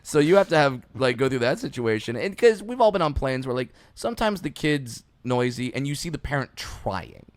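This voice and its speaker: A man co-hosting a podcast, quick-witted and chatty, often chiming in. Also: mid-range voice, big pitch swings, no echo. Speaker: podcast co-host. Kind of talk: casual podcast chat.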